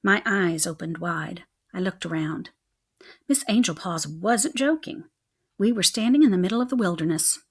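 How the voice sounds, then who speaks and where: Expressive woman reading a children's book. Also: fairly low pitch, normal speed, husky. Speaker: reader.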